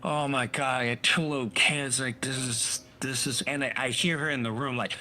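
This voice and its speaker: A man with a bright, forceful voice tells a heartfelt personal story, stumbling and restarting as he goes. He slips into the voices of the people he quotes. Faint music sits under him. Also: mid-range voice, fairly even intonation. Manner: halting, full of restarts, acts out quotes.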